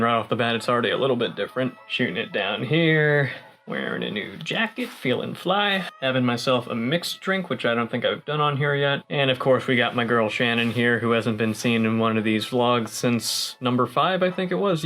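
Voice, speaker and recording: A man's voice: mid-range voice, lively intonation, fairly quick, fairly bright tone, rough recording. A young man vlogging in a tipsy, rambling way, joking and swearing freely while he chats to his viewers. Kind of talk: casual rambling vlog.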